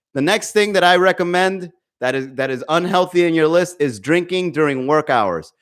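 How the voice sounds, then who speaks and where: A man's voice: fairly high pitch, fairly bright tone, clean tone. A man hosting a live comedy podcast, ranting profanely and greeting chat viewers by name. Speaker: podcast host. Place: home. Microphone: desk microphone.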